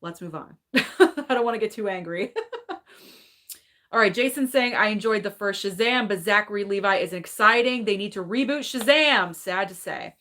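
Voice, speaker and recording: A woman hosting a casual live stream about movies, reading viewer comments and sharing her opinions in a chatty, hedging way with lots of "like" and "I don't know". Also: mid-range voice. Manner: opinionated and animated, quick laughs. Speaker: movie channel host reading live chat.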